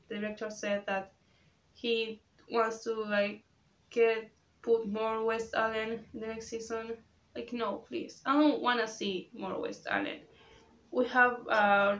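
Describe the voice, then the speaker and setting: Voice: medium pitch, fairly bright tone. Rambling vlogger, roomy sound. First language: Spanish. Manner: rambling, restarts a lot, gets worked up when ranting. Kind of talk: casual opinion chat.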